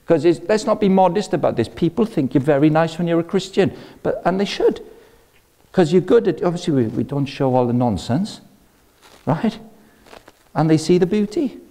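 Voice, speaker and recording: A man giving an energetic, jokey sermon-style talk at an event. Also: fairly high pitch, normal speed, long pauses. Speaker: speaker.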